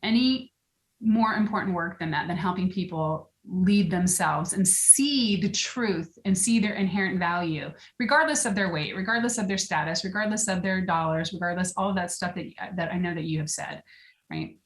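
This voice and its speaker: A woman wellness coach talking in a casual interview, earnest and quick to laugh, at times reading aloud with feeling. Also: on the low side. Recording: roomy echo.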